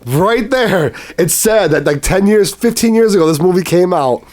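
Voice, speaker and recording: A man as a podcast guest in casual chat, retelling scenes with lively quoted voices. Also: high-pitched, normal speed. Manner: animated retelling, acting out quotes.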